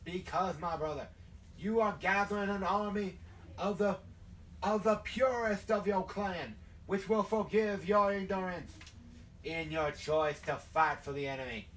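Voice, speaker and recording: A man's voice: high voice, a little slow, fairly bright tone. A man voicing a zealous male vampire preacher with a Southern accent, preaching hellfire and brimstone, recorded from a distant mic. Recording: distant mic, faint noise.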